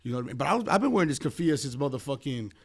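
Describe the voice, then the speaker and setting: This guest attorney from the United States speaks very fast on a podcast, with a creaky, medium-pitched voice that swings widely in pitch. His casual talk is heated, meandering, loaded with profanity and fillers.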